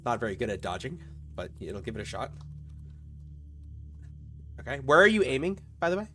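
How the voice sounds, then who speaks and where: A man's voice: medium pitch, sing-song, pushed and bright, soft background music. Man narrating a tabletop horror game. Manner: slow, measured descriptive narration. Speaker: game master.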